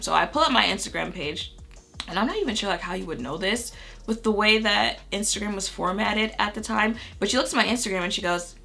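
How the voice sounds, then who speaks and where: Brief: young woman beauty vlogger, chatty storyteller, bright tone with a gravelly fry. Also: on the low side, a little fast, soft background music. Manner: chatty, heavy on fillers like "you know" and "like". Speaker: beauty YouTuber. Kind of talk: casual storytime vlog.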